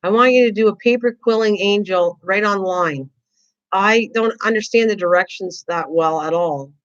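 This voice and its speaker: A woman hosting a crafting livestream, chatting with her viewers in an excitable, rambling way and often repeating herself. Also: mid-range voice, normal speed. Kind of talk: casual chat reading viewer comments. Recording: dull lo-fi livestream audio.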